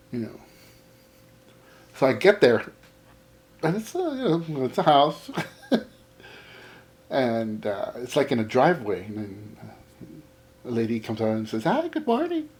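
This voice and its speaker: A man's voice: medium pitch, darkish tone. A man from Texas, telling a casual vlog story about a garage sale, laughing often and acting out both sides of the chat. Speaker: comic collector vlogger.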